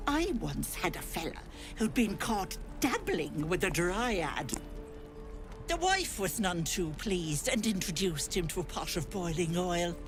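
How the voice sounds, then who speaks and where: An actress voicing a sly old hag who poses as a kindly auntie, cooing and folksy, calling everyone love and sweetie. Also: female voice, fairly low pitch, sing-song, unhurried. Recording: game audio with music behind.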